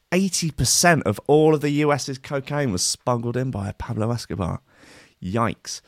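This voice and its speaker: A man's voice: medium pitch, moderate pace, no room sound, clean studio sound. A man hosting a show, reading out a news story and mocking it with sarcastic, swearing asides. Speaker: radio show host. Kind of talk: casual comedic news chat.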